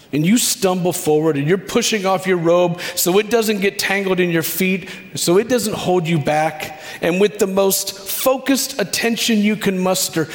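A man preaching, leading listeners through a scripture scene in the second person, with a reflective manner and dramatic pauses. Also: high voice. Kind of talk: guided scripture meditation. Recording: long hall reverb.

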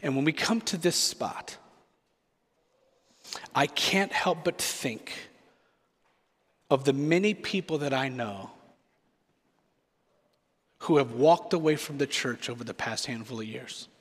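A man's voice: mid-range voice, slow pace, pauses often, breathy edge, in a large hall. A man preaching a sermon as a pastor, reflective and earnest, repeating key phrases for weight.

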